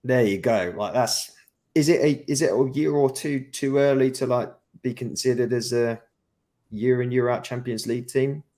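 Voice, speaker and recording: A man's voice: medium pitch, normal speed, mellow. Laid-back man in football chat. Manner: laid-back, thinking aloud. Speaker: podcast guest.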